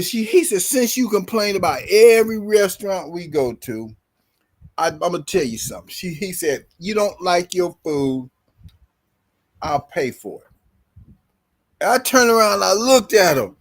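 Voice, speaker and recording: A man with a notably high speaking voice tells a story in casual podcast chat. He acts out each quoted line as he goes and breaks into laughter along the way. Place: podcast studio.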